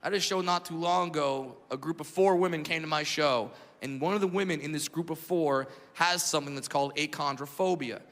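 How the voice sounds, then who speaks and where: High-voiced man doing loud stand-up. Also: brisk, few pauses. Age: 30s. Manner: brash storytelling, acts out voices. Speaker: stand-up comedian. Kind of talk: stand-up comedy set. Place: comedy stage before a live audience. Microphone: handheld stage mic. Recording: reverberant venue with loud crowd noise.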